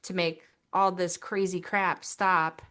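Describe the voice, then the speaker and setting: Woman, podcast co-host, casual chat, slow delivery, hesitant, pausing and restarting. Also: fairly low pitch, level tone, fairly bright tone. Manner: hesitant, with frequent pauses and restarts while explaining. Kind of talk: casual chat recapping a TV show.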